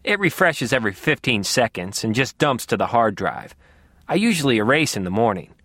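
A man voicing a slow-witted young male computer nerd who mumbles in slang and gets excitable. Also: mid-range voice, no echo, studio quality. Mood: mumbling.

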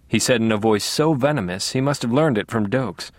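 A man's voice: mid-range voice, expressive, moderate pace, no room sound. A man narrating a crime novel in first person with a dry, wry manner. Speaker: audiobook narrator.

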